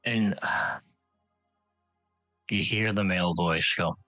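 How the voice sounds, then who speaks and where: Low-voiced, forceful game master. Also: male voice, slow, pauses often, no room sound, soft background music, low-quality recording. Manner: relaxed, filler-heavy, improvising. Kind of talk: casual tabletop game narration.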